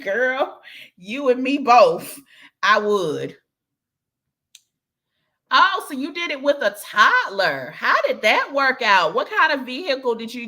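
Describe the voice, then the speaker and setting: A woman hosts a relaxed livestream, chatting with her viewers and reacting to their comments. Her voice is bright and clear, and she swings between easygoing storytelling and playful, teasing questions. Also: a little high. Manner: animated, playful, teasing, laughs often, says "girl" and "y'all". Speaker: host reading live chat. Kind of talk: casual livestream chat.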